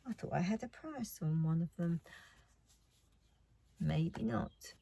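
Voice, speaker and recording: A woman's voice: on the low side, animated, slow, vocal fry, long pauses, mellow, breathy edge, no room sound. A woman chatting casually about her craft haul. She rambles and often drops to a near whisper. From United Kingdom. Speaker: craft vlogger.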